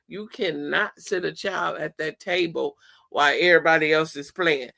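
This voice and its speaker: A woman's voice: low voice, normal speed, vocal fry, bright, forceful tone. A woman hosting a podcast segment, teaching listeners in an informal way, quizzing them with "what?" fill-in questions and often restarting her sentences. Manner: asks the audience rhetorical fill-in questions; restarts and corrects herself mid-sentence. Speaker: podcast host presenting a segment.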